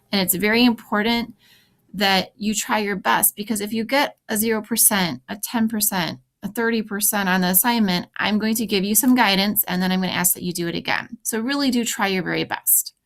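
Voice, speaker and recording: A woman's voice: medium pitch, fairly quick, a bit bright. Woman teacher walking students through a site. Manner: encouraging, practical, talks students through clicks step by step. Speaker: French teacher. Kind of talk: screen-recorded class tutorial.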